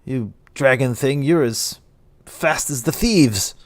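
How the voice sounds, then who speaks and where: A man's voice: mid-range voice, takes it slowly, no echo, close to an everyday voice. A man plays a tipsy dragonborn official, jittery and bragging, stammers through lines, dry close sound. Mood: drunken bluster. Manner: slurred, stammering, boastful. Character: drunk jittery male dragonborn town speaker.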